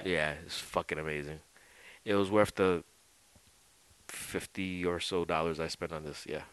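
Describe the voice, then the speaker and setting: A man's voice: sits low, fairly even intonation, a little slow, a bit bright, smooth, low-quality recording. A man hosting a wrestling podcast, talking loosely and swearing freely with lots of "like" and "dude", sipping a drink as he goes. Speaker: podcast host. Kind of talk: casual chat.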